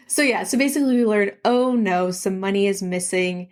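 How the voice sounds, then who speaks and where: A woman co-hosting a casual book-club podcast, retelling the story in an animated way and giggling often as she acts out characters' lines in quick quoted bits. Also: medium pitch. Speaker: podcast co-host.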